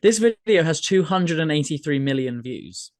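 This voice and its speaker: A man's voice: a little high, expressive, normal speed, dry recording. A man hosting a podcast in casual chat, rambling and laughing a lot. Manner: laughs often, rambling, self-correcting. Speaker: podcast host.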